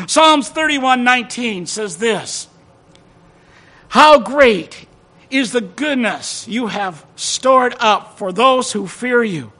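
A man preaching a sermon to a congregation in a church, emotional and exclaiming praise, breaking into sung hymn lines. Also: high-pitched. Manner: exclaims praise, apologizes for excitement. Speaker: guest preacher.

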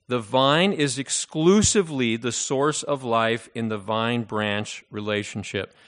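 Emphatic male pastor preaching in a church, a bit higher-pitched, leans on key words. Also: a bit bright. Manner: emphatic preaching, slows down to stress key phrases. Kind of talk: sermon.

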